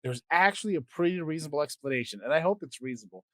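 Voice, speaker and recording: Male podcast host, lively pitch, crude comedic rant, dry close sound. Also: rapid-fire, no echo. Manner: crude, animated, swings between loud and quiet.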